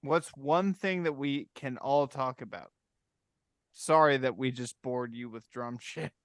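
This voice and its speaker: A young man hosts a casual podcast with loud, profane banter and sudden shouted bursts. His voice sits in the middle range and is recorded close and dry, with no room sound. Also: mid-range voice, clear, resonant tone, dry recording. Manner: loud, swearing, quick to shout. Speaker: podcast host.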